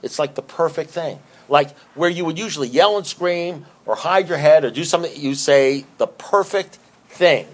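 A man's voice: on the high side, normal speed. A man giving an emphatic, conversational recovery talk who often repeats himself. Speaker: recovery speaker.

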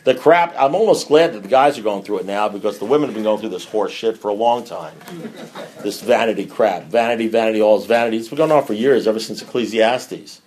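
A middle-aged man speaking candidly to a recovery group, blunt and profane, with loud bursts and low mutters. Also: fast, a little hiss or hum.

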